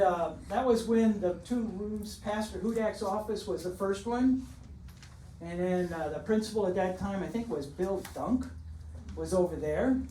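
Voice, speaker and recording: An older man in his seventies gives a heartfelt, joke-filled tribute speech, his voice bouncing around a large gym. He is heard from a distance, with steady background noise in the hall. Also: high-pitched. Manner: emotional, joking reminiscence. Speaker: retired teacher and coach giving a tribute. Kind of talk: dedication speech.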